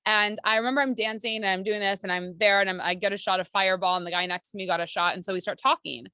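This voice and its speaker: A woman's voice: mid-range voice, steady tone, fast, pushed and bright, no room sound. Chatty woman telling stories, dry sound. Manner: chatty, rambling, and sincere. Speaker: spiritual coach and author. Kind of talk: casual personal storytelling to an audience.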